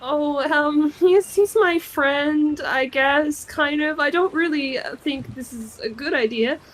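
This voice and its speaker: A woman's voice: high voice, slight background noise, poor audio. A woman playing an anxious, stammering young adventurer. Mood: hesitant. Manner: halting, apologetic, stammering. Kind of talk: tabletop in-character roleplay.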